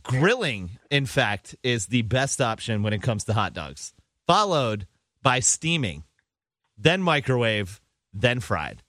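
A man's voice: medium pitch, very animated, takes it slowly, a bit bright, dry recording, studio quality. A man hosting a podcast, quizzing his co-hosts in a playful way and laughing often. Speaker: podcast host. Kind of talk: casual chat.

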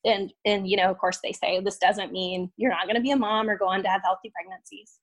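A young woman guest recounting a painful personal experience in casual, halting talk, full of "um" and "like" and restarts. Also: mid-range voice, steady tone. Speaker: podcast guest; violin teacher.

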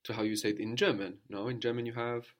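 A man's voice: medium pitch, little pitch movement, quick pace. A man teaching a spoken language lesson, explaining patiently and often checking in with a questioning "no?".

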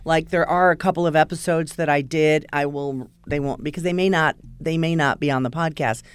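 A woman guest on a podcast, a former news anchor, chatting casually in a quick-witted, teasing way. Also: low voice, steady tone, clear, resonant tone. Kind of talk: casual conversation.

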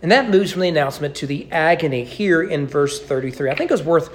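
Animated male preacher with a lively voice. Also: a little high. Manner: expressive preaching, slowing and stressing key words. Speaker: pastor. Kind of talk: sermon. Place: church sanctuary.

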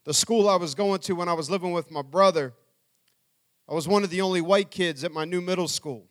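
A man's voice: high-pitched, a little fast, fairly bright tone. A middle-aged man telling his life story to an audience as a speaker, earnestly acting out what people said. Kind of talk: personal testimony talk.

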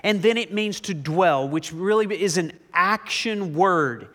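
A male pastor delivering a sermon in a conversational, joking way, slowing down to read scripture. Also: sits high, lively intonation, fairly bright tone. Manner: conversational preaching with fillers and humor.

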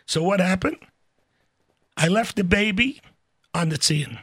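An older man telling stories in a casual, animated way, acting out the voices of people in them. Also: high-pitched, measured pace, slightly rough. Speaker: storyteller guest. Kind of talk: casual spoken storytelling.

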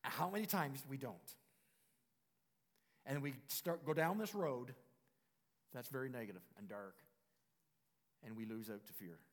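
A man preaching a sermon as pastor, in an emphatic style that repeats declarations and builds to loud passages. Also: medium pitch, measured pace, pauses often. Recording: long reverb of a church hall.

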